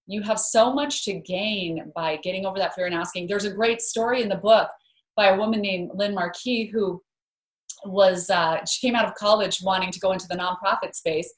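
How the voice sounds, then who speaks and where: A woman guest in an interview, talking earnestly and telling a story, often repeating words as she starts a thought. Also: mid-range voice. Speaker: guest author. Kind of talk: interview conversation.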